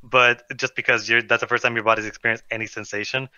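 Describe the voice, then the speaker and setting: A man's voice: medium pitch, flat delivery, quick pace, bright, forceful tone, clean tone, no echo. A man co-hosting a casual podcast chat, rambling and restarting his sentences. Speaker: co-host. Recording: dull dry mic sound.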